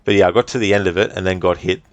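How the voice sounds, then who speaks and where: Low-voiced man chatting on a game stream. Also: rapid-fire, no room sound, soft background music. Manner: relaxed, chatty, reads chat aloud, swears, laughs often. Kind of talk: casual live-stream chat.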